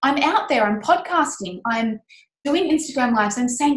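A woman's voice: high voice, lively intonation, normal speed. Impassioned woman in an echoey room. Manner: impassioned, emphatic, candid, swears now and then. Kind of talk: casual podcast chat about business and mindset.

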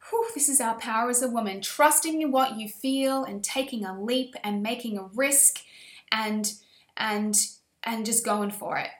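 A women's empowerment coach gives a motivational course lesson in a passionate, emphatic, affirming way. Her voice is a little high and reverberant.

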